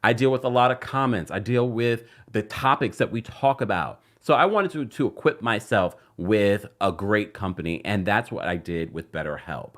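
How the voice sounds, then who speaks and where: A man's voice: moderate pace, few pauses. A man hosting a casual reality TV recap show, chatting and reading a sponsor spot. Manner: animated, chatty, jumps up in pitch for emphasis.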